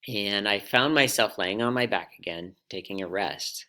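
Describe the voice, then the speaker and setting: A man giving a reflective personal storytelling talk, pausing dramatically between short phrases. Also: lowish voice, bright, forceful tone. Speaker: storyteller speaker.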